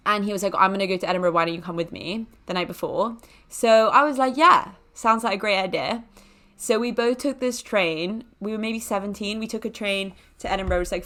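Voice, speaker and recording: A young woman hosts a podcast and casually recounts a personal anecdote, filling it with fillers and self-mocking jokes. Her voice is medium-pitched and a bit bright.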